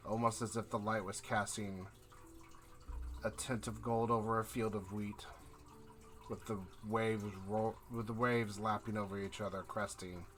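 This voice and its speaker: A male game master narrates a tabletop game in leisurely, descriptive passages. His voice is low and unhurried, with a bright, forward tone. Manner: slow, descriptive scene-setting narration.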